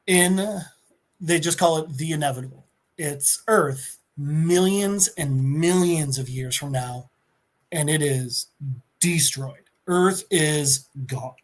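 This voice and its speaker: A man on a podcast excitedly retelling a comic-book story, restarting his sentences as he goes. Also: a little high. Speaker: podcast co-host.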